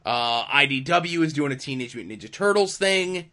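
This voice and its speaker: A man's voice: fairly high pitch, lively intonation, moderate pace, pushed and bright. A young man co-hosting a casual comics podcast, chatting wryly and running through news. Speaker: podcast co-host. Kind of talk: casual chat.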